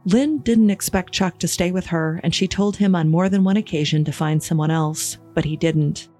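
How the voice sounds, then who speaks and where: A woman giving scripted true-crime podcast narration in a measured, even storytelling manner. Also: on the low side, faint music behind.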